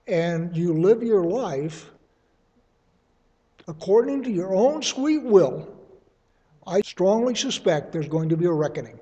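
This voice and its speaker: Man, high voice, mellow tone, conversational Bible teaching, slightly muffled recording. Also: lively intonation, slow pace. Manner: conversational, explains with homely examples. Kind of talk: sermon.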